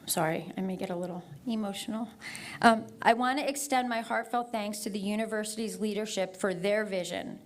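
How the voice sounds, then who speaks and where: A middle-aged woman giving a prepared, heartfelt speech at a university ceremony, thanking people. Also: mid-range voice. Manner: earnest, heartfelt, reading a prepared text.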